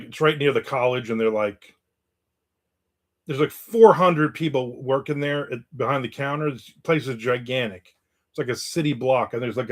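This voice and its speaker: A middle-aged man from New Jersey hosts a casual livestream chat. He rambles between stories and viewer comments. His manner is blunt and jokey, and his voice sits at an ordinary pitch. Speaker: livestream host.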